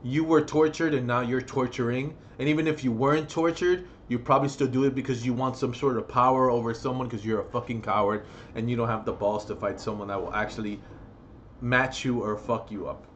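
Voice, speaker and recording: A man delivering a heated, profane vlog rant straight to the camera, with loud outbursts. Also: medium pitch, fairly even intonation, brisk, highs cut off, slight background noise. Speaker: vlogger. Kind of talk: ranting vlog monologue.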